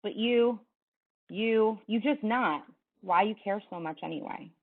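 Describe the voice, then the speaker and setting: A woman reading aloud as a pleading, upset teenage boy, her voice pitched up and shaky. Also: fairly even intonation, moderate pace. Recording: tinny phone-like sound.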